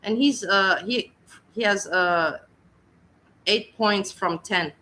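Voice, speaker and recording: Woman, commentary host, scornful, blunt, bright tone. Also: medium pitch, takes it slowly, slight background noise, poor audio. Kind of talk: reaction commentary.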